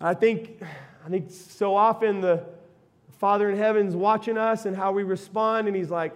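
A middle-aged pastor preaches in a church sanctuary, telling homey stories with lively asides. His voice sits notably high for a man. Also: moderate pace. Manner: folksy, storytelling, animated asides. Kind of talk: sermon.

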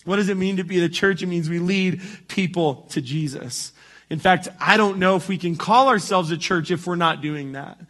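High, bright-voiced man preaching. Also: moderate pace. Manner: conversational preaching, frequent "right?" asides and restarts. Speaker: pastor. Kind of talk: sermon.

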